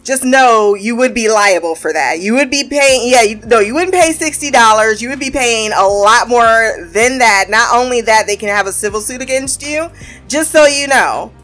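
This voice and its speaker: A woman giving a casual, profane recap of a TV episode. She laughs often and talks in an animated way. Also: on the high side, normal speed, faint music behind. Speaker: show reviewer.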